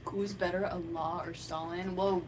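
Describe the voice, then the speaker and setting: Young female co-host, slightly low voice, relaxed chat, noticeable noise under her. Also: normal speed. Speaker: streamer co-host. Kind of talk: casual stream chat reading chat. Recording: noisy background hiss.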